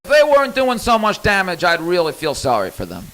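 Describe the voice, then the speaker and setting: High, lively-voiced man telling a story. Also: a little fast, faint music behind, low-quality recording. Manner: rambling, candid, swears freely. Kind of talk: spoken storytelling monologue.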